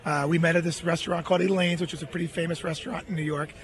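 A middle-aged man, an interview guest, telling a long personal story in an earnest, animated way. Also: a little high, very fast.

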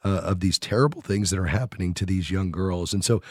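A man with a scratchy, hoarse voice hosting a faith-based money radio show, earnestly appealing for donations with frequent pauses. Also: low-pitched, no room sound, clean studio sound.

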